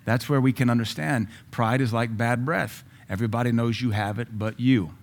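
A man's voice: mid-range voice, fairly even intonation, moderate pace. A male pastor giving a sermon in a conversational way, with sudden emphatic rises and asides.

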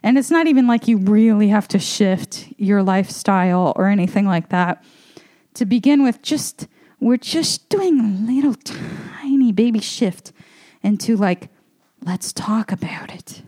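A comedian delivers a casual monologue in a mellow, medium-pitched voice, a little slowly. She rambles loosely with many fillers and the occasional swear, slightly out of breath as she walks around her apartment.

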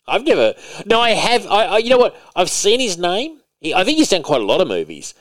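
A man's voice: sits high, huge pitch swings, brisk, few pauses, a bit bright, no room sound. A man co-hosting a casual podcast chat, rambling with lots of fillers and restarts and swearing freely. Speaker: podcast co-host.

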